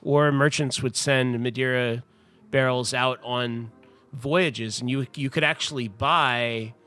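A man's voice: medium pitch, steady tone, slow, sharp tone. A man in a casual podcast conversation, telling a long story about wine history in a chatty, rambling way full of restarts and asides. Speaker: wine importer guest.

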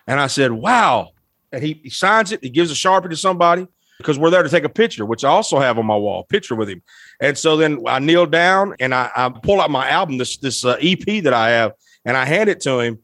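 Male guest storyteller, lively pitch swings, dry close sound, emotional and laughing. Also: fairly quick, no room sound. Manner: animated, emotional, laughs often. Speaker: guest, musician. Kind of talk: storytelling anecdote.

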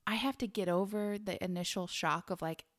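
A middle-aged woman co-hosting a podcast, chatting casually and telling a story, lively, sometimes dropping to a whisper. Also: mid-range voice, fairly quick. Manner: animated, drops to whispers when telling spooky parts. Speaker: podcast co-host.

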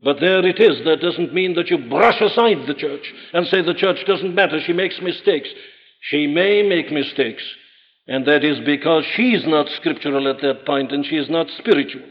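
A man preaching a sermon in an emphatic, rhetorical manner, rising to forceful peaks. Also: fairly high pitch, moderate pace. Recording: dull old recording in a large reverberant hall.

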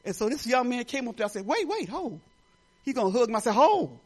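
An older woman pastor from Detroit giving a folksy, animated sermon, talking straight to the congregation with laughing asides. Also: on the high side, very fast. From Detroit, Michigan.

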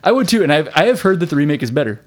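A man in his forties co-hosting a casual movie review podcast, chatty and quick to laugh, leaning on "like" as he talks. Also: on the high side. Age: 40s. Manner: animated, laughs often, says "like" a lot. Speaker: podcast co-host.

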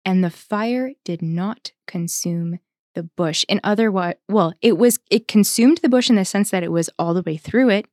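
This is a woman, a religious sister, talking through spiritual reading with a fellow sister. Her voice sits in a middle register and the recording is dry and close. She reflects out loud, pausing on fillers and laughing easily. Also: mid-range voice, no room sound. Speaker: religious sister, podcast co-host. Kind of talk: reflective conversational discussion.

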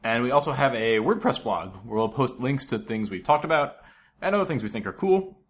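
A man co-hosting a casual science podcast, playful and quick to joke. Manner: playful, with a swooping, very expressive pitch. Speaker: podcast co-host. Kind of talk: casual chat.

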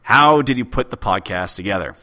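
Deep-voiced man with dry wit. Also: lively intonation, fairly quick, sharp tone. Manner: dry, wry humor. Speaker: podcast host. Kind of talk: casual podcast talk, answering listener questions. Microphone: close USB mic with pop filter.

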